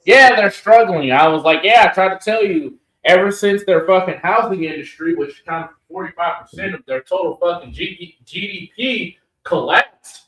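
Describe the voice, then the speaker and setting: Male co-host, combative and foul-mouthed, slightly high voice, roomy echo on the mic. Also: moderate pace, hardly any pauses, fairly bright tone. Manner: profane, argumentative, interrupts. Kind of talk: heated political reaction chat.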